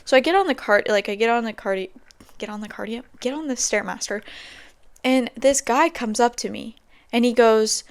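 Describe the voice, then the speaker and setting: A young woman's fairly high voice, at a normal pace and recorded dry, carries her chatty podcast stories. As host, she rambles casually and uses lots of fillers.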